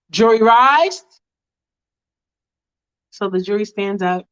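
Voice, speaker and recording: A woman's voice: medium pitch, normal speed, long pauses, clean tone. A woman casually retelling a long story in a chatty, informal way. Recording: dull lo-fi recording with faint music.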